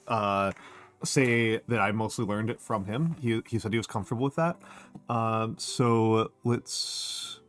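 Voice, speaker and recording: A man's voice: lowish voice, a little slow, faint music behind. A middle-aged man streaming, with a scratchy throat, rambling casually and reading chat aloud. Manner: rambling, self-deprecating, reads chat aloud.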